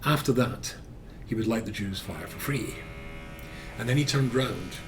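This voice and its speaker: A man, a rabbi teaching a lesson as an animated storyteller, full of filler words. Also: on the low side, a little slow, slight background noise.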